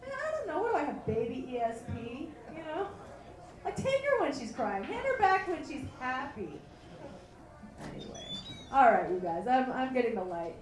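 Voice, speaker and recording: Lively high-voiced woman doing standup. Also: moderate pace, soft background music. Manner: animated, self-deprecating jokes. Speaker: comedy host doing a standup set. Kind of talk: live standup comedy. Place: live comedy bar stage. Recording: roomy bar, mic picked up from a distance, crowd noise.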